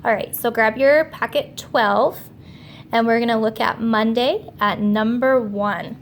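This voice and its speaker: A woman teacher giving a remote grammar lesson to young children, slow, clear and patient as she explains each step. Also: fairly high pitch, a little hiss or hum.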